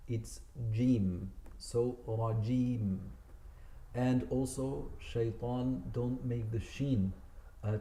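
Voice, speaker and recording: In an echoey community centre room, a man with a warm, mid-range voice gives a spoken Quran recitation lesson. He patiently corrects common mistakes and draws out the words he demonstrates.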